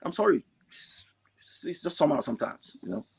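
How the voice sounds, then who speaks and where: A man calling in over a video call, talking with strong feeling and pushing his pitch up as he gets emotional. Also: sing-song, a little fast, husky, in a whisper. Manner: impassioned, rising to high emotional pitch, repeats himself. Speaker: caller. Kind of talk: passionate online call-in talk.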